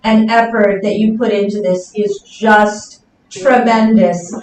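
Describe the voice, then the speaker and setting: A woman hosting a livestreamed interview, warm and appreciative toward her guest. She sits far from the mic in a very echoey room, with a faint hiss behind her. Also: mid-range voice, fairly even intonation, slow pace. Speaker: host, arts center director.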